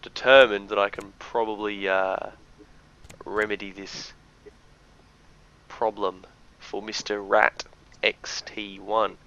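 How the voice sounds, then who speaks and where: An Australian esports commentator gives chatty, jokey live-stream commentary on a game match, tossing out shoutouts. His voice sits on the low side with a level, clean tone, and he talks slowly with frequent pauses. The stream audio is dull and lo-fi, with faint noise.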